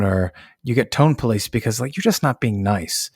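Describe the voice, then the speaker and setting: A pastor hosting a podcast, summarizing a book's points in a thoughtful, casual way. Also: male voice, lowish voice, moderate pace, a little mellow, slightly rough, dry recording, clean studio sound. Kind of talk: casual book discussion.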